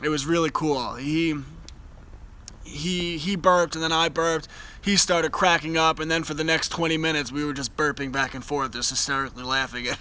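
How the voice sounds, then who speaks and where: Bright-voiced, earnest young man. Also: a little high, steady tone, normal speed, clear, resonant tone, low-quality recording. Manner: earnest and enthusiastic, with many restarts. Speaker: host. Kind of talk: casual live chat. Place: outdoors by a fire.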